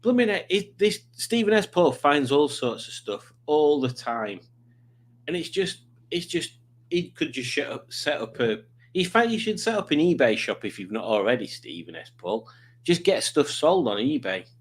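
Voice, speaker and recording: Guy rambling on his livestream, pitch all over the place, chatty. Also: sing-song, moderate pace. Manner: chatty, rambling, reading out viewer comments. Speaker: livestreaming YouTuber. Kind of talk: casual livestream chat.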